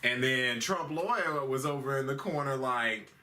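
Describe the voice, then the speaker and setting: A man's voice: medium pitch, moderate pace, pushed and bright. A man hosting a comedic news recap, rambling in a loose, slangy, profane way. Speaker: host.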